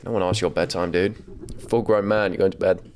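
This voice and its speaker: Low-voiced young man doing comedic commentary. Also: steady tone, brisk, darkish tone. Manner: wry, laughs often, casual swearing. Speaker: commentary host.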